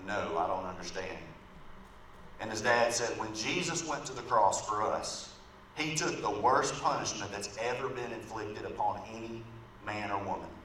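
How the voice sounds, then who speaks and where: In a church sanctuary, a man with a lowish, slightly bright voice preaches a sermon, telling an illustrative story conversationally and often checking in with the congregation by asking "right?". It's recorded from far off in an echoey room with faint background noise.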